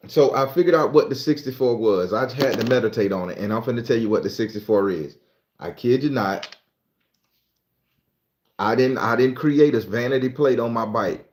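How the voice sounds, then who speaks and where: A man's voice: medium pitch, darkish tone, roomy sound. A man from southern Florida with a Southern American accent, hosting a casual livestream and chatting loosely with viewers, stumbling when he reads aloud. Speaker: livestream host.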